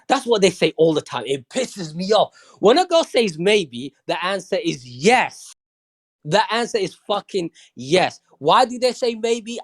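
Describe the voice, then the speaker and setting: London guy on a podcast, swears a lot, keeps going "do you understand", voice jumps all over. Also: a little high. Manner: blunt, profane, keeps asking "do you understand?". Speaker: podcast guest. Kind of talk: casual chat.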